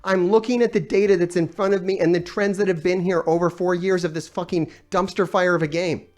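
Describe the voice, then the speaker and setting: A man's voice: sits high, fairly even intonation, a little fast, soft background music. A man ranting on a gaming live stream, exasperated and sarcastic, swearing often while he reads out comments.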